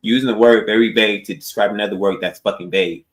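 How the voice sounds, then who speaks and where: A man's voice: fairly low pitch, fairly even intonation, fast. A man on a podcast panel mocking the others' arguments with profanity and calling people out by name. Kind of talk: heated debate.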